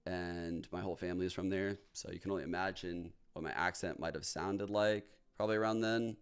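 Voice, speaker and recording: A man from New Orleans runs a livestream watch party, speaking a little fast in a low-pitched, smooth voice with fairly even intonation. He keeps it casual, profane, and joking as he reacts out loud.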